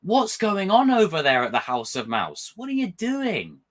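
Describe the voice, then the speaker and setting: Animated man ranting. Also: high-pitched, moderate pace. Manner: animated, rambling, passionate and profane. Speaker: film and TV reviewer. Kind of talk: casual review vlog.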